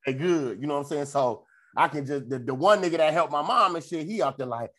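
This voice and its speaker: A man's voice: fairly high pitch, a little fast, a bit bright. A man, telling a loose, profane weekend story on a podcast and slipping into quoted voices. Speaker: podcast co-host. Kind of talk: casual storytelling chat.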